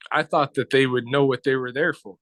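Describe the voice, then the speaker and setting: A man's voice: medium pitch, fairly even intonation, a little fast, a bit bright, no room sound. A man being interviewed, telling a story in casual speech, blunt and profane with slang.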